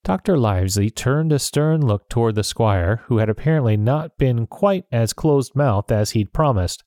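A man reading a storybook aloud in an even, clear manner. His voice sits at a middle pitch. The recording is dry, with no room sound. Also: normal speed, dry recording. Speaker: narrator.

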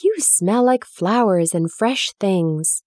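A woman's voice: medium pitch, lively intonation, takes it slowly, darkish tone, no echo, clean studio sound. A woman voicing a lonely, sickly young boy who grows eager and breathless. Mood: dreamy. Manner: breathless, yearning, rising to cries.

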